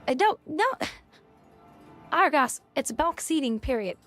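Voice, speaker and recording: A woman's voice: sits high, expressive, measured pace, fairly bright tone, faint music behind. Blunt, scolding woman streamer. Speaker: game streamer. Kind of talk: casual live-stream chat.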